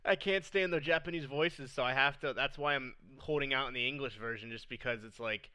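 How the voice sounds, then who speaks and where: A man's voice: mid-range voice, fairly quick, bright, forceful tone, smooth, no echo. A man co-hosting a podcast, chatting casually and laughing often. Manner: laughs often, does mocking voice impressions. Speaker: podcast co-host.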